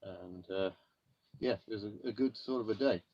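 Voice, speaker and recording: Chatty English man with a low voice. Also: normal speed, breathy edge, highs cut off. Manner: chatty and self-deprecating, many ums and uhs. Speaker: livestream host answering car questions. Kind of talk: casual live chat reading comments.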